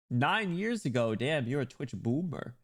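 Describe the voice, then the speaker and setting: A man streaming a game while sick, chatting with viewers and reading dialogue aloud. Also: medium pitch. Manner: chatty and animated, quick asides with laughs. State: sick, voice cracking.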